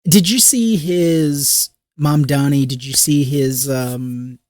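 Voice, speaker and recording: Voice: medium pitch, takes it slowly, darkish tone, dry recording. Profane, exasperated podcast host, dry sound. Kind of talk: casual political chat.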